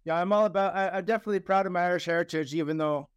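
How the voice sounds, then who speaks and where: A man's voice: sits high, very fast, clear, resonant tone, no room sound, lo-fi sound. A man with a Canadian accent hosting a podcast, easygoing and laughing often. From Ontario, Canada. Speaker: podcast host. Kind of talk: casual podcast conversation.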